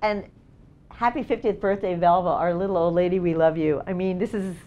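A woman's voice: fairly low pitch, steady tone, fairly quick, a little mellow, highs cut off. A middle-aged woman, a documentary photographer, telling stories in a casual seminar talk, full of "like" and "you know" and acted-out quotes. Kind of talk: casual storytelling presentation. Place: seminar event space.

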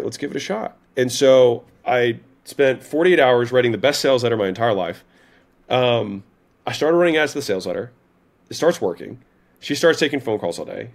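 A man telling a story as a podcast guest, in a casual, animated way, often saying "like" and "right?" and swearing now and then. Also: mid-range voice. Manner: animated retelling, frequent "like" and "right?", occasional swearing.

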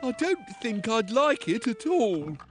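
A man voicing a cheeky young girl in a high, sassy voice. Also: sing-song, a little slow, music in the background, heavily acted.

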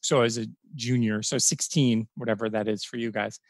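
A man's voice: on the low side, steady tone, a little fast, dry recording. A man, a college professor telling blunt stories and swearing casually. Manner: frank storytelling, swears casually. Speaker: college professor, podcast guest. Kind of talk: casual podcast chat.

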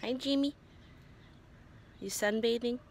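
A woman's voice: a little high, steady tone, slow, creaky, a little mellow, slight background noise. A young woman from Southern California, chatting casually in a vlog and talking sweetly to animals. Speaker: vlogger and cat sitter.

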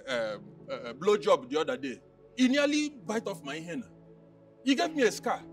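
A boastful, crude Nigerian chief taunts in a high, swinging voice. His Nigerian accent is clear even as he is caught a little off-mic, with faint music underneath. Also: distant mic, heavily acted. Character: boastful philandering middle-aged chief, crude. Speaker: husband and chief. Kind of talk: Nollywood film acting.

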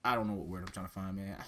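A man hosting a vlog, chatting and teasing strangers on a video chat app in a quick, joking way that sometimes drops to a mumble. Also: low voice, steady tone, bright, forceful tone.

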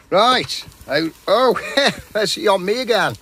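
A man's voice: sits high, animated, drawn-out words, long pauses, sharp tone, breathy edge. A man chatting casually and matily while cooking outdoors at a campsite. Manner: chatty, matey, rambling. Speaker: vlogger.

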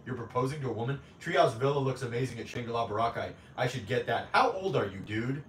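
This young streamer talks fast in an expressive, medium-pitched voice, reading viewer comments with crude, teasing jokes and frequent laughter. He's recorded off-mic from a distance in an echoey room, with a faint hum underneath.

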